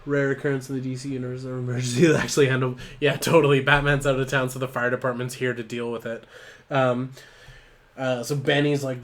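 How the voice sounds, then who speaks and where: A man's voice: medium pitch, little pitch movement, brisk, fairly bright tone. A man rambling casually through a live stream, profane and a little tipsy from a couple of drinks.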